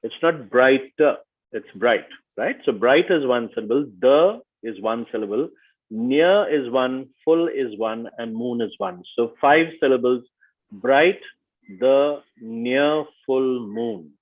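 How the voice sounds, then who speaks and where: A man leading an online workshop, speaking slowly and deliberately and stressing each syllable as he reads. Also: medium pitch, animated. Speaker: workshop facilitator. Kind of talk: online teaching session. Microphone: video call. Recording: tinny video-call audio.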